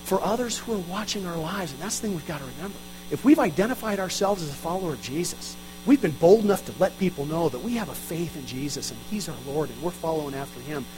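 A high-voiced man delivers a sermon from the pulpit. He is earnest and plain-spoken, leaning into emphasis and admitting his own shortcomings. A faint electrical hum sits under the recording. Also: lively intonation, fast, hardly any pauses. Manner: earnest, rising to emphatic, self-deprecating asides. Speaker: pastor.

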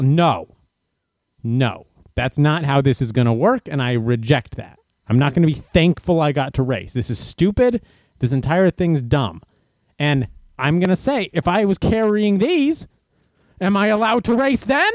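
Exasperated male vlogger, dry close sound, bouncy animated delivery, mocking tone. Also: a little high, a little slow, no room sound. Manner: sarcastic, incredulous, exasperated. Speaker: runner venting to camera. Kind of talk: casual monologue rant. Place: indoors in a room.

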